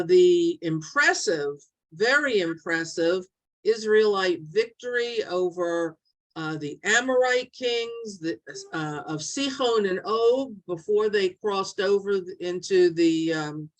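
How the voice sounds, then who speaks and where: A middle-aged woman teaching an online Bible study over a video call, speaking haltingly with many fillers and restarts. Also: medium pitch.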